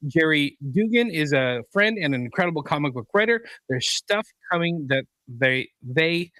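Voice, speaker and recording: A man's voice: fairly high pitch, lively intonation, normal speed, pushed and bright, no echo. A man co-hosting a geek culture podcast, chatting casually and reading news items aloud. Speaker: podcast co-host. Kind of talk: casual chat.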